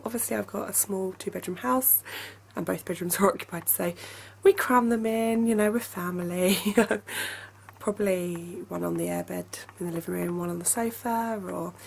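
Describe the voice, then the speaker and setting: A woman's voice: medium pitch, vocal fry, darkish tone, slight background noise. A young woman in casual vlog chat at home, chatty and apologetic, laughing often, speaking through a headache. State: has a headache. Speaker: family vlogger. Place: home, indoors.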